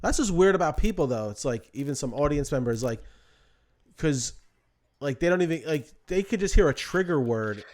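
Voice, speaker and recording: A man's voice: a little high, animated, moderate pace, darkish tone. A male comedian co-hosting a podcast, talking casually and rambling with many fillers. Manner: rambling, heavy use of "like". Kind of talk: casual chat.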